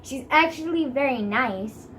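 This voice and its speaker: A woman's voice: sits high, expressive, measured pace, a bit bright, slight background noise, rough recording. Rambling, dramatic teenage girl. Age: teens. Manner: rambling and dramatic, lots of fillers. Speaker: vlogger. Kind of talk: casual vlog chat about school. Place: bedroom, sitting on a bed.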